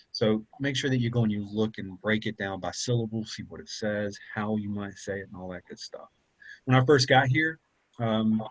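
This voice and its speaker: A man's voice: mid-range voice, highs cut off. A man teaching a public speaking class in a casual, conversational way, often checking in with "okay?" and "right?". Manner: conversational, repeats points, asks okay and right. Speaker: college public speaking instructor.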